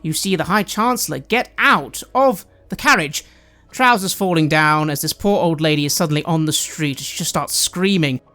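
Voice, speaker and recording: A game master narrating a tabletop roleplaying game and giving the players direction briskly. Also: female voice, deep voice, fairly bright tone.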